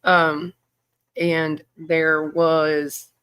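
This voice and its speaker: A woman's voice: low voice, little pitch movement, very slow, fairly bright tone, clean tone. A tired woman, hosting a true crime livestream in a rambling, chatty way and greeting viewers by name. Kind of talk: casual livestream chat.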